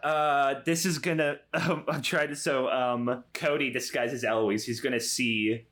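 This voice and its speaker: A person playing in a tabletop role-playing game, laughing often and breaking off mid-sentence. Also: female voice, extremely low pitch, fairly even intonation, a bit bright. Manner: laughing, self-interrupting, slow. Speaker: player. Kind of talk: tabletop role-play chat.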